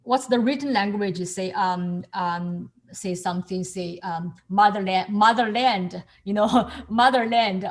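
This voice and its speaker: Over a video call, a woman who teaches calligraphy and Chinese explains things patiently to a student, encouraging them as they repeat each word. Her voice is medium-pitched and unhurried.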